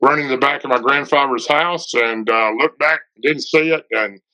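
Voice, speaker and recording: A middle-aged man with a Tennessee Southern accent, speaking as a guest, casually recounts an encounter story full of "and, uh" fillers. His voice is medium-pitched and sharp-toned at a normal speed, captured in dull lo-fi podcast audio.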